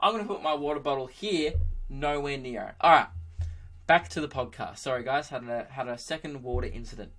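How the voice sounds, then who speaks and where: A young man in his twenties hosting a podcast, telling crude jokes in an animated, casual monologue with frequent laughter. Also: medium pitch, brisk. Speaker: podcast host, comedian.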